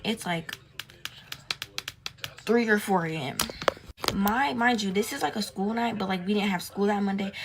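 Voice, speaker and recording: A young woman telling a storytime tale in casual, slangy, profane talk, retelling events with drama. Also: mid-range voice. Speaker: storytime vlogger.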